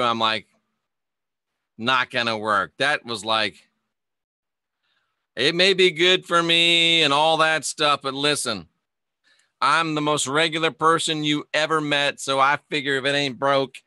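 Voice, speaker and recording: A man with a very bright, clear and smooth voice chats through a live stream. He rambles and jokes, laughing easily between comments. The sound is dry and close. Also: fairly high pitch, no room sound. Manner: rambling, joking, quick to laugh. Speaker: host of a live online show. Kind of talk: casual live-stream chat, reading viewer comments.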